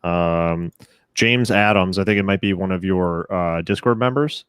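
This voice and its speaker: A man's voice: deep voice, measured pace, fairly bright tone, smooth, no echo, studio quality. A young man hosting a casual stock-market livestream, joking and laughing often. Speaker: show host.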